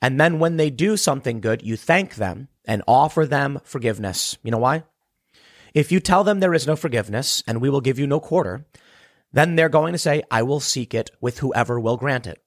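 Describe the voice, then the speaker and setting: Fast, emphatic man in a dry room. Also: medium pitch, lively intonation, dry recording. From South Side of Chicago. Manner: rapid, emphatic, repeats words when heated. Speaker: political commentary host. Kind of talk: solo political commentary reading news.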